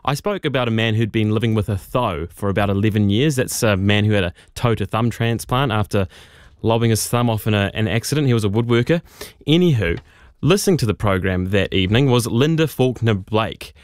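Brief: informal New radio producer, lowish voice, dry studio sound. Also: male voice, a little fast, no room sound. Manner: chatty, informal, with fillers. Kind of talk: storytelling radio report. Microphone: studio microphone.

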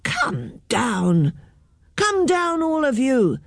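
A woman's voice: medium pitch, very animated, slow pace, a little mellow, dry recording, clean studio sound. A woman voicing a pair of blunt workmen in a storybook, speaking matter-of-fact. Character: two gruff workmen with saws.

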